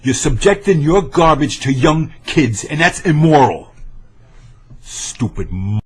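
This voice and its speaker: A man's voice: fairly high pitch, expressive, normal speed, breathy edge. A brash man rants to camera in a rambling webcam monologue, often stammering and restarting. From New York area. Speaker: video blogger.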